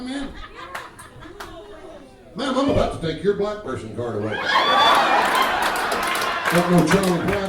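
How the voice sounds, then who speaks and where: Here a man in his fifties, high-pitched and heard through a very noisy recording, does a profane comedy club set that mixes crowd work with drawling stories and teasing of the audience. The roomy sound is captured from a distance, with guitar and laughter behind him.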